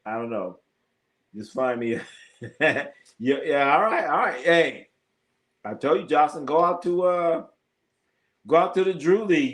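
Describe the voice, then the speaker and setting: Animated, profane man telling stories. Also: a little high. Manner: animated, profane, laughs often, acts out quoted exchanges. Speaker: live sports show host. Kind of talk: casual live-stream chat, storytelling.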